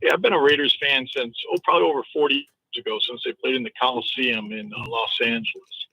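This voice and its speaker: A man's voice: mid-range voice, steady tone, fast, pushed and bright, slightly rough, no room sound. A man calling into a sports radio show, agitated and talking over the host, heard over a phone line. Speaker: caller. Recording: muffled phone call on air.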